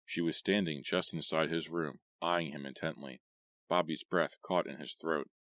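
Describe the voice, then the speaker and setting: A man reading a horror audiobook in a measured, steady way. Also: rumbling low, no echo. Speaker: audiobook narrator. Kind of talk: scripted horror audiobook narration.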